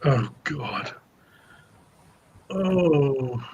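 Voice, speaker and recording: A man with a husky voice speaks slowly as a quiz contestant, joking and thinking aloud over answers he is unsure of. His sound is dull and lo-fi. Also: on the high side, a little mellow. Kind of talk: casual chat.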